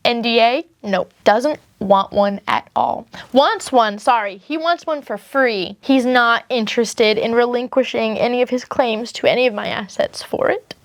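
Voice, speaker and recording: A young woman vlogger telling her own story in a chatty, quick way, full of asides and self-corrections. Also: on the high side, gravelly, no room sound. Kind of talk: casual storytime monologue.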